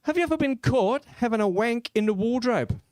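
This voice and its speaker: A man's voice: very high voice, lively intonation, a little fast, a little mellow, dry recording, pitched above the performer's own voice. A man doing a crude, jovial Australian businessman.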